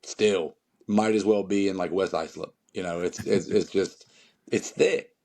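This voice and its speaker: Gravelly low-voiced Southern man. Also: fairly even intonation, a little mellow. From North Carolina. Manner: rambling, emphatic, talks in quick runs with many fillers. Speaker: guest musician. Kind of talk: casual podcast chat.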